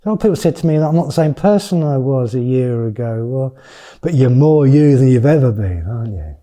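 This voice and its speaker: Brief: male meditation teacher in his fifties, very dark, mellow tone, frank and conversational. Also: medium pitch, animated, fairly quick. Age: 50s. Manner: candid and chatty, with blunt swearing. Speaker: mindfulness retreat teacher. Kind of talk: informal retreat talk.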